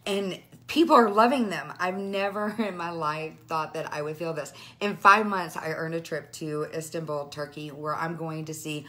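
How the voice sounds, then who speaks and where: A tearful, overwhelmed woman in her thirties talks straight into a phone camera, gushing and rambling as she shares her news. Her voice sits a little low for a woman, and she keeps breaking off mid-sentence. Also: moderate pace, hardly any pauses, a bit bright. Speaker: direct sales team leader. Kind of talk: emotional live video to followers.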